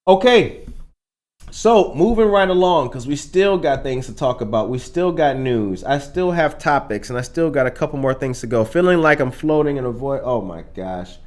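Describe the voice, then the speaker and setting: A man hosting a casual morning news podcast alone in the studio, upbeat and chatty, often calling listeners ladies and gentlemen. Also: medium pitch, animated, moderate pace. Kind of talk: casual live news chat.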